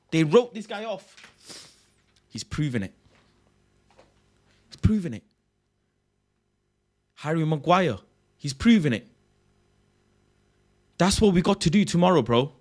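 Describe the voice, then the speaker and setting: An excitable young man streaming a casual chat, his slightly high voice leaping up and down as he repeats himself for emphasis. He talks in an unhurried, drawn-out way and keeps tacking on "bro". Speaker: livestream host.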